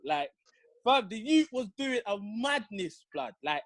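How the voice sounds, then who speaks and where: A young man with a London accent, telling a story in an animated, slang-heavy way as a podcast co-host. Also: high-pitched, normal speed, dry recording. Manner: slangy, lively, full of street slang tags. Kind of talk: animated storytelling in casual chat.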